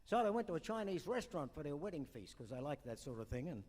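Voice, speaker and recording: A man's voice: a little high, sing-song, fast, darkish tone. An older man doing stand-up at an awards night, rambling through jokes and asides. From New Zealand. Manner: rambling joke-teller with asides. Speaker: comedian. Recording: long reverb in a hall.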